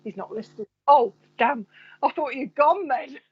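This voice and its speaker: A fairly high-voiced woman with a Coventry accent chats and rambles her way through a live psychic reading, often talking half to herself. The sound is dull and lo-fi, as from a home livestream. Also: animated, normal speed. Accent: Coventry English. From Coventry, England. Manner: chatty, rambling, talks to herself. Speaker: psychic medium host. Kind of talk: live-streamed reading and chat.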